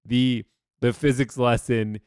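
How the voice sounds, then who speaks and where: A podcast co-host in casual chat who is jokey and quick to laugh. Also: medium pitch, steady tone, a little mellow, clean tone, dry recording, clean studio sound.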